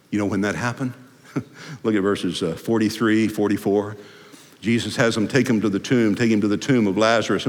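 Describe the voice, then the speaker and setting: A man preaching a sermon as a pastor, emphatic and swinging between loud declarations and hushed, soft passages. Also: lowish voice. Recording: reverberant hall.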